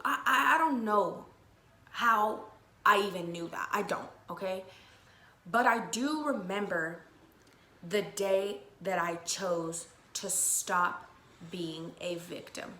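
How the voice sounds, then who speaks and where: A woman's voice: mid-range voice, slow, sharp tone. A young woman hosting a podcast, telling a personal story to listeners with candid, emotional talk and frequent swearing. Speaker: podcast host. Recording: echoey room with faint noise.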